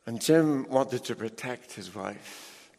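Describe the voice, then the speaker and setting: A middle-aged man preaches to his congregation with emphatic, animated delivery and quick asides. He talks at an unhurried, measured pace, his voice sitting in an ordinary middle register. Long reverb from the large church hall trails behind every phrase. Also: mid-range voice, vocal fry. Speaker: pastor. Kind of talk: sermon.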